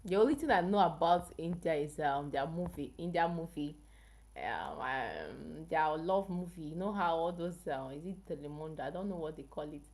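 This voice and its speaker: A woman's voice: low-pitched, animated, moderate pace, a little mellow. A woman from Africa hosting a casual health livestream, chatting with viewers and asking them questions. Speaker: health channel livestream host.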